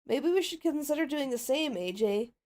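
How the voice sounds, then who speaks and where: A blunt tomboy pony, worn out and cautious, speaking a bit higher and flatly tired, as a woman puts her on. The delivery is plain and weary, fitting a fan game role-play. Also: normal speed.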